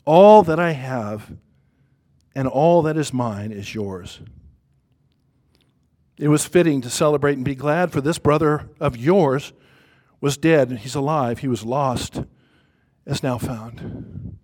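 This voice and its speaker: A man voicing a gentle, loving father in a parable, dropping to a low, hushed tone. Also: slow pace, pauses often. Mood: tender. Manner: soft, hushed, tender.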